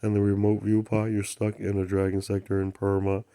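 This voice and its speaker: A man's voice: fairly low pitch, completely flat delivery, brisk, clear, resonant tone. A man hosting his own channel, telling a rambling spiritual story in broken grammar and repeating affirmations like a chant. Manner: drops to soft unvoiced murmurs at times. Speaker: channel host.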